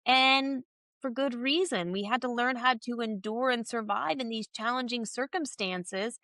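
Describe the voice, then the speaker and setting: A woman's voice: fairly high pitch, a little slow, no echo, studio quality. A woman in her thirties talking openly and emphatically as a podcast guest in a candid interview. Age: 30s. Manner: open and emphatic, animated with swearing.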